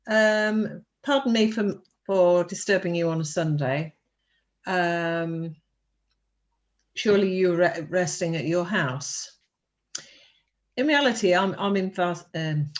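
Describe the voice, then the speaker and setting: An older woman, a student translating a text aloud in class, halting and checking words as she goes. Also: lowish voice. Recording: dull video-call audio.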